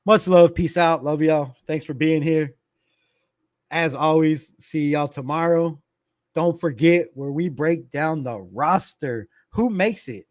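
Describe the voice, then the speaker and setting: Relaxed middle-aged man hosting a livestream. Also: a little high, slow, dry recording, clean studio sound. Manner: laid-back, reads viewer comments aloud, laughs often, swears. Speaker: fan channel livestream host. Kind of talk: casual livestream chat.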